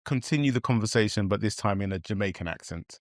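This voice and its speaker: A man's voice: on the low side, fast talker, no echo. Young man, dry studio sound. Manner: relaxed, joking, speaks to the phone assistant politely. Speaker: podcast co-host. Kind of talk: casual podcast chat.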